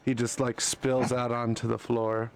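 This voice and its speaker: A man narrating a tabletop game as game master, relaxed and hesitant, with many fillers. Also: medium pitch, measured pace.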